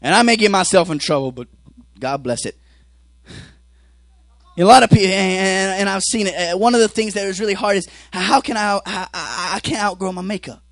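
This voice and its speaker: Male preacher, high voice, theatrical sermon delivery that swings between shouts and whispers; dry, close recording. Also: a little fast, no echo. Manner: dramatic, acts out characters, swings from loud shouts to whispers.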